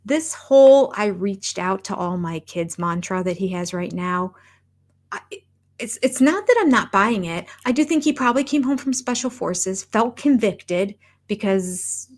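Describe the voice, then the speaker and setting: A woman's voice: mid-range voice, expressive, unhurried. A middle-aged woman hosting a live reality TV review chat, candid and chatty, breaking off mid-sentence and laughing at herself. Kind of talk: casual live-stream chat.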